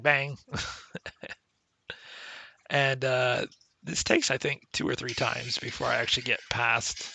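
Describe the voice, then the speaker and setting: A man talks through an old adventure game in a relaxed, chatty way, stopping to explain how things work. His voice is very bright and forward. The recording is dry and close, with almost no room sound. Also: medium pitch, no room sound. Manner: conversational, explains game mechanics with occasional laughs. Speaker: let's play commentator. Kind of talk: casual gameplay commentary.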